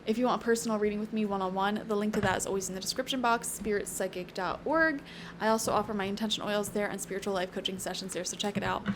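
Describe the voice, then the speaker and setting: A woman's voice: mid-range voice, quick pace, background noise. A woman doing a casual tarot reading to camera, chatty and emphatic, drifting into earnest pep talks and tossing in "okay?" and "you know". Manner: tangential, earnest pep talk. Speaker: tarot reader.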